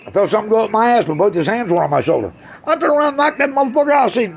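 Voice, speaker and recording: A man doing a crude, brash stand-up routine on a club stage, swinging from loud jabs to low mutters. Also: big pitch swings, rapid-fire, creaky, a little hiss or hum. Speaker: stand-up comedian.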